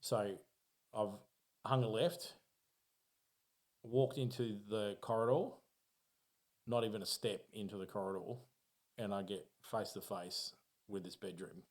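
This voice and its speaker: An Australian man telling a spooky personal story on a podcast in a casual, profane, animated way, acting out his own reactions. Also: lowish voice, measured pace, pauses often.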